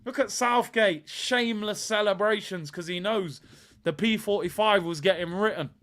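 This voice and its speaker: A man hosts a football watch-along, talking in heavy slang and bursting into shouts. His voice is high and bright, with a forceful, cutting edge. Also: moderate pace. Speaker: streamer host.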